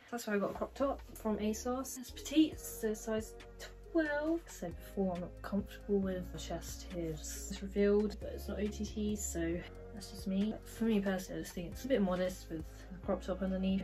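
A woman's voice: medium pitch, a little fast, dark tone, faint music behind, rough recording. A young woman chatting casually through a clothing try-on haul vlog, with lots of fillers. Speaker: fashion vlogger.

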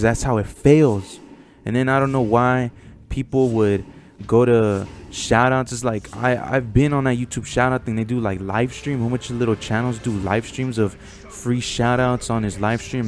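A man's voice: medium pitch, normal speed, darkish tone, faint music behind. A young man in a blunt, profane casual rant to his viewers about online channels, getting heated as he talks. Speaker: YouTuber.

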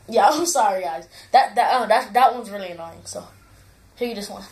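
A woman's voice: mid-range voice, fairly quick, darkish tone. A woman chatting casually on her vlog, rambling, apologetic and giggly. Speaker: gaming channel youtuber.

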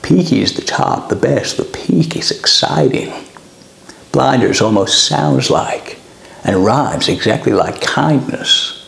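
A man impersonating a grandiose, wordy celebrity who lectures in a fast, rambling way. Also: mid-range voice, expressive, gravelly, fairly bright tone, echoey room, heavily acted. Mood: lecturing.

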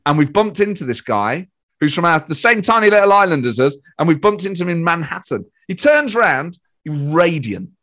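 A man's voice: on the high side, normal speed. A man from Britain, a comedian guest telling an anecdote in a casual chat, acting out quotes and swearing freely. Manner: lively anecdote teller who acts out quotes, swears freely. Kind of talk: animated storytelling in casual chat.

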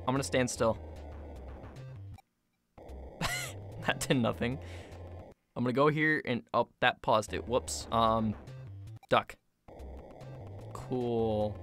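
Young gaming commentator, excitable, lively voice, phone mic, light background music. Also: mid-range voice, slow pace, pauses often. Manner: excitable, yelps and laughs at sudden deaths. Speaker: gaming YouTuber. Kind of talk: casual gameplay commentary.

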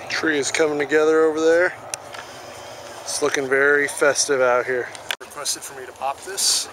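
Upbeat male vlogger, slightly high voice, outdoor camera sound with traffic behind. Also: flat delivery. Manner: upbeat, asks teammates quick questions. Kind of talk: casual vlog chat. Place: outdoors at a softball field. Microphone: handheld camera. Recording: noisy outdoor camera audio.

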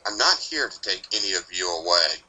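A grumpy, timeless Grim Reaper who answers questions with curt, sardonic bluntness, as a man reads him in a fan story. The voice sits low but carries a sharp, bright edge. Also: very animated, fairly quick, heavily acted, rough recording. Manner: blunt, snappish, dryly sardonic. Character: grumpy ancient male Grim Reaper pony.

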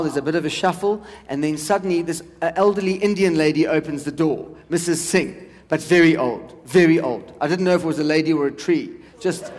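A man's voice: sits high, a little hiss or hum. A South African man in his forties doing a stand-up comedy set, chatty and teasing the crowd. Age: 40s. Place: large hall on stage. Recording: long hall reverb.

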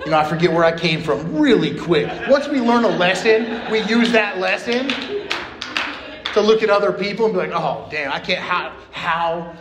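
A man's voice: high voice, normal speed, background noise. Blunt, profane man in an echoey room. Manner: blunt, profane, street slang. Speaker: speaker at a recovery meeting. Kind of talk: personal recovery share. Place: meeting room.

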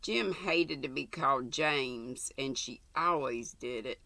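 An older woman reading a novel aloud, slow and deliberate, with chatty asides. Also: extremely low pitch, vocal fry, pushed and bright, no room sound. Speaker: audiobook reader.

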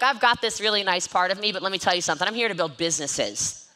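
A woman speaks from an event stage to a live and online audience with bright, forceful energy. Her motivational talk runs quick and joking, full of self-mockery. Her pitch sits in a middle range. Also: expressive. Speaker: network marketing trainer.

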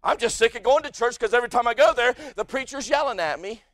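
An American man preaches from the pulpit in a strikingly high-pitched voice. His delivery swings between soft, low asides and sudden shouted peaks. The sound is dry and close, with almost no room echo. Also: animated, fast talker. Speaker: pastor. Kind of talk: sermon. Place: church sanctuary.

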